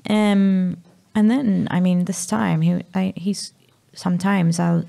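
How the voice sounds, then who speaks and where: A Maltese woman in her thirties, speaking candidly as a podcast guest, halting and sometimes dropping to a whisper. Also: lowish voice, steady tone, gravelly, warm tone. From Malta. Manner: halting, drops to a whisper at times. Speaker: guest, mother.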